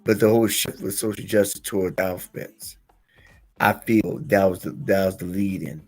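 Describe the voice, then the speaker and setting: A man hosting a relaxed conversation, his voice sitting a little low. He tells stories with animated quoted lines and chuckles at his own jokes. Faint music plays under him. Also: moderate pace. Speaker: podcast host. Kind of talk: casual conversational commentary.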